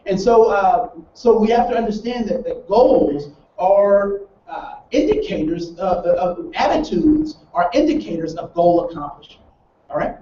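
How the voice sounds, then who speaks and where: A man with a high voice leads a training session in a roomy space. He talks like a storyteller and keeps putting rhetorical questions to his listeners. He sits back from the mic, and the sound is dull with faint noise underneath. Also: lively intonation, a little slow, dark tone, distant mic. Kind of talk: training seminar talk.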